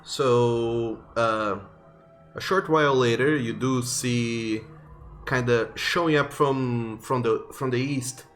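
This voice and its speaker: A man narrating a tabletop game as game master, slow and halting with many fillers. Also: mid-range voice.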